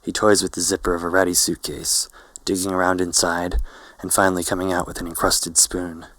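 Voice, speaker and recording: A man narrating a novel in first person, in a slow, hazy, poetic way. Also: low voice, completely flat delivery, a bit bright, no room sound, rough recording.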